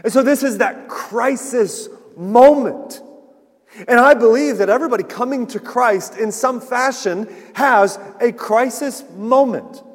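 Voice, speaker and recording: A man preaching a sermon in an earnest style, rising to loud emphasis and then dropping to a hushed, soft tone. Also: very high-pitched, unhurried, in a large hall. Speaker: pastor.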